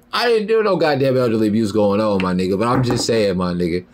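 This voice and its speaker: A man in the middle of a ranting podcast monologue, his pitch leaping around in lively swings. He talks heated and profane, jumping up into loud high outbursts and then dropping low and muttering. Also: fast, few pauses. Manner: heated, profane, repeats "you feel me" and "bro". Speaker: podcast host.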